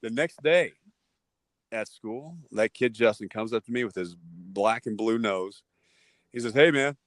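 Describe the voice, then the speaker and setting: A man in his forties from Texas, a podcast guest telling lively, casual anecdotes and acting out the voices in them. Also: on the low side, a little slow, dry recording. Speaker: podcast guest, former ballplayer. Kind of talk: casual storytelling.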